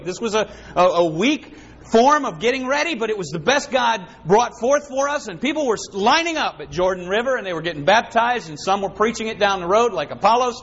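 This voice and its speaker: High-voiced preacher, dramatic swings. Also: male voice, lively intonation, brisk, husky. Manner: dramatic, swings from loud to hushed. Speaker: pastor. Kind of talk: sermon. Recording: dull lo-fi with faint hiss.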